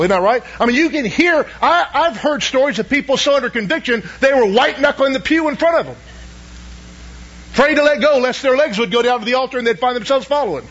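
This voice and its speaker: A man's voice: very high-pitched, fairly bright tone, breathy edge, highs cut off. A man preaching a sermon, asking the congregation questions and pressing each point with emphasis. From Southern United States. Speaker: pastor.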